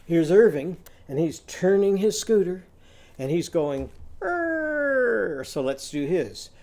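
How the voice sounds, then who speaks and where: A teacher leading a children's phonics lesson in an unhurried, sing-song way, stretching out every vowel. The voice is soft and mellow, never sharp. The delivery is a patient call-and-response chant. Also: mid-range voice.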